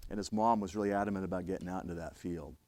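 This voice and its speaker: A man's voice: deep voice, steady tone, racing, darkish tone, no room sound. A middle-aged man lecturing emergency responders in a blunt, conversational way. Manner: blunt, conversational, acts out quoted voices. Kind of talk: classroom lecture with stories.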